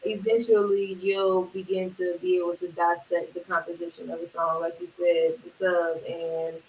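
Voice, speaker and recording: A woman, a music producer, chatting casually in an interview, agreeable and quick to chime in. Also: lowish voice, little pitch movement, a little mellow. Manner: agreeable, talks in quick bursts, many "yeah"s. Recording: roomy, distant mic with faint hiss.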